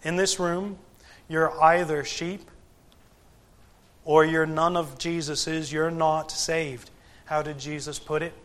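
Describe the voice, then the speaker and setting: Slow, deliberate higher-voiced male preacher. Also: little pitch movement, fairly bright tone. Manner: deliberate, emphatic, with frequent pauses and rhetorical questions. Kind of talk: sermon. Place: church gathering.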